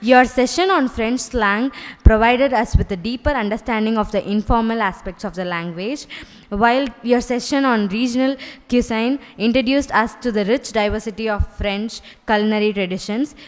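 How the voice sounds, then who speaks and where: A woman's voice: a little high, normal speed. A woman with an Indian English accent giving a formal vote of thanks at a college workshop. She stumbles now and then over names. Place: college hall. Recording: hall reverb.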